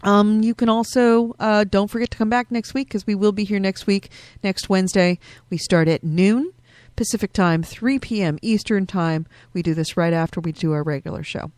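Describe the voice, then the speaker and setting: A woman's voice: medium pitch, fairly even intonation, normal speed, a little mellow, dry recording. A woman co-hosting a podcast in loose, joking chat that now and then turns profane. Her voice sits in a mid range. It is recorded close and dry, with no room sound. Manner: loose, joking, swears freely. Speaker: podcast co-host.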